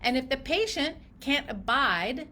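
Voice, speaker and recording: Emphatic, animated woman coaching clinicians. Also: sits high, a little slow. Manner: emphatic, animated, acts out patient dialogue. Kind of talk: direct-to-camera business coaching.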